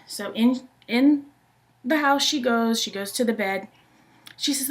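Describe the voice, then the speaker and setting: A woman performing a folk tale aloud as a storyteller, in a lively, chatty way. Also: on the high side, measured pace. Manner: animated, chatty retelling.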